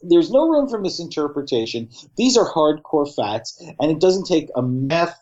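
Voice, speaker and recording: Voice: medium pitch, sing-song, moderate pace, a little mellow, lo-fi sound. A middle-aged co-host from the New York area, ranting bluntly and profanely about politics in casual chat. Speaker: podcast co-host.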